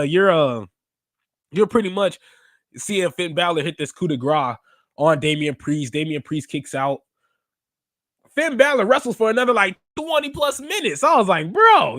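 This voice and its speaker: A man in his twenties hosting a podcast, chatting casually and excitably, rambling with lots of fillers and restarts. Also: fairly high pitch, dry recording, clean studio sound. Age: 20s. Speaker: podcast host. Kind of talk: casual wrestling review chat. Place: United States Central time zone.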